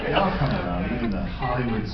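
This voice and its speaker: Older guy telling panel stories, lots of shouting bits, far off in a big echoey hall, muffled and noisy. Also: lowish voice, fast, over a noisy crowd. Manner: animated anecdotes, shouted impressions, frequent laughter. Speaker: panel guest, actor. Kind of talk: convention panel storytelling. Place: large convention hall.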